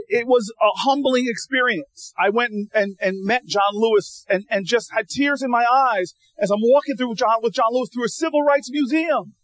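A man giving a storytelling speech to an audience, animated and humorous, often repeating words as he restarts a sentence. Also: very high-pitched, normal speed, few pauses, rough recording. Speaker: public speaker addressing an audience.

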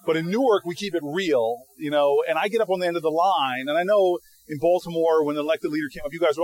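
A man with a high-pitched voice speaks to a live audience as a guest speaker. He tells stories with energy, stumbling and restarting his sentences, and mimics the people in his anecdotes. He sounds like he is speaking in an event hall. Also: quick pace, hardly any pauses. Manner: animated storyteller, frequent restarts; acts out quoted people. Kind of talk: answering audience questions.

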